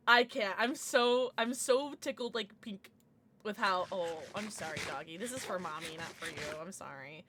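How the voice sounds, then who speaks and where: A woman's voice: medium pitch, normal speed, a bit bright, a little hiss or hum. A young woman streaming a video game, chatting casually and breaking into squealing baby talk with her pets. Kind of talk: casual gameplay livestream chat.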